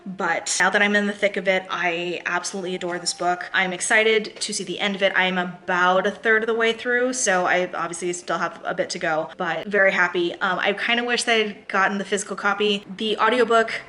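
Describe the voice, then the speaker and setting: A woman's voice: medium pitch, fairly even intonation, bright, forceful tone, a little hiss or hum. Chatty young woman book vlogger. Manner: chatty, laughing, quick asides. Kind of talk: casual chat to camera.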